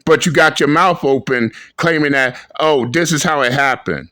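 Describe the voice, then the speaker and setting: A man hosting a reaction video, talking slowly and emphatically in a profane, ranting commentary. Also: on the high side, bright, forceful tone. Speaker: channel host reacting to clips.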